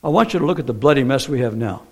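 A man's voice: medium pitch, lively intonation, racing. A man preaching a sermon in a conversational way, often asking the congregation questions.

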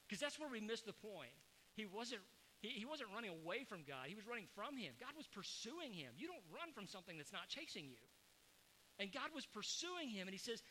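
A man preaching a sermon, animated, acting out quoted voices with sudden rises. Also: a little fast, a little hiss or hum. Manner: animated, acts out quoted voices with rising pitch. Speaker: pastor.

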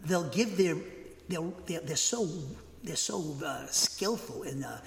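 Brief: male pastor, high voice, emphatic dogmatic sermon delivery, long hall reverb. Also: slow pace, gravelly. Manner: emphatic, bangs the pulpit, excitable; dogmatic, speaks with conviction. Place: church.

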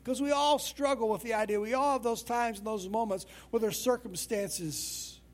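A man's voice: very high voice, normal speed. A male pastor preaching a sermon in a conversational, storytelling way.

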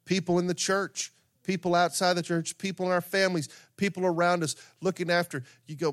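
A man's voice: sits high, flat delivery, fairly quick, no room sound, clean studio sound. A middle-aged man preaching a sermon in a conversational way, with asides, repetition and everyday stories. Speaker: pastor.

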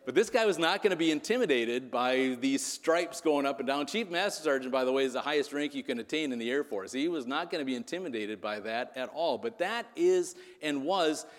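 A man's voice: medium pitch, animated, a little fast, few pauses, in a large hall. A man preaching a sermon in a conversational way, telling a story and checking in with "right?". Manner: conversational, frequent "right?" asides. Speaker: pastor.

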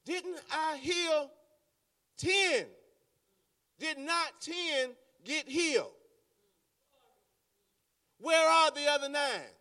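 A man's voice: very high voice, drawn-out words, long pauses, sharp tone, pitched above the performer's own voice, full character voice. A man voicing Jesus as a stern grown man who asks questions again and again, picked up from a distance. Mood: stern questioning. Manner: repeats questions with rising force.

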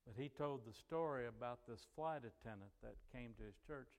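A man's voice: medium pitch, a little fast, long reverb tail. A male pastor preaching a sermon in a folksy, conversational way, telling stories to his congregation. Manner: folksy, conversational, frequent "you know". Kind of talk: sermon with storytelling. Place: church sanctuary.

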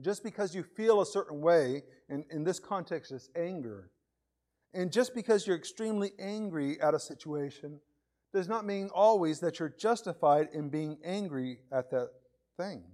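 A man delivers a sermon in a loose, conversational way. His voice sits a little higher than most men's, and he often restarts phrases by repeating a word or two. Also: expressive, moderate pace, a little mellow. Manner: conversational, repeats words when starting phrases; acts out voices of others in his examples. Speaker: preacher.

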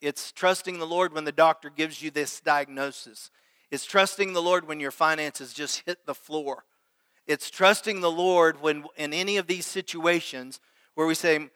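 A man's voice: fairly high pitch, steady tone, normal speed, sharp tone, clean tone, no room sound, long reverb tail. A man preaching a sermon as pastor, reading scripture aloud and calling out questions to his congregation. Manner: preaches with prayer and call-and-response to the congregation.

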